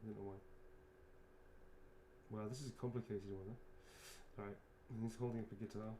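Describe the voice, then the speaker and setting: A man's voice: on the low side, level tone, moderate pace, warm tone, slight background noise. A man, an actor, chatting casually and rambling through a livestream autograph signing, swearing freely as he goes.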